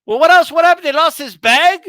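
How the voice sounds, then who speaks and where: A man hosting a casual boxing talk show, joking and animated, full of slang. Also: extremely high pitch, a little fast, no room sound. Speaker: boxing channel host. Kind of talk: casual chat.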